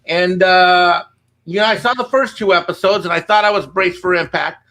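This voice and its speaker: A man's voice: high-pitched, normal speed, pushed and bright. A man on a panel show giving a heated, swearing fan rant, repeating himself a lot, a bit tipsy from drinking. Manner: angry, swearing, repeats "you know what".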